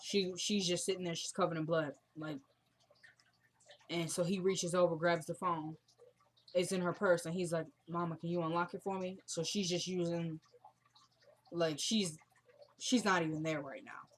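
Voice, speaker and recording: A woman's voice: fairly low pitch, steady tone, moderate pace, long pauses, a little hiss or hum. Chatty young woman recapping a TV episode. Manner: chatty, retells scenes quoting characters.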